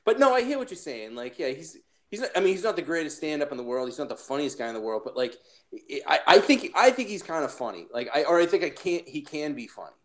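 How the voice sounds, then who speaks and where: A man's voice: a little high, very animated, fast talker. A man from Massachusetts, a podcast guest, rambling in casual profane chat with many restarts and laughs.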